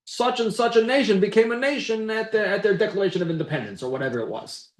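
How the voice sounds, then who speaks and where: A man's voice: high voice, expressive, fast, reverberant. A man teaching a Torah class in a conversational way, reading Hebrew phrases and then explaining them in English. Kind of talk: text-based Torah class.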